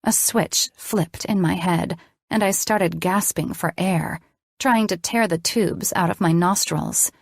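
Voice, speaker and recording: A woman narrating a first-person audiobook in a measured, expressive storytelling voice. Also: on the low side, gravelly, no echo, clean studio sound.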